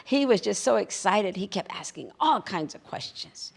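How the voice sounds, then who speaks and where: Gravelly woman storyteller. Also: medium pitch, expressive. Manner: measured, rhythmic, repetitive build-up. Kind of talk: spoken folk storytelling.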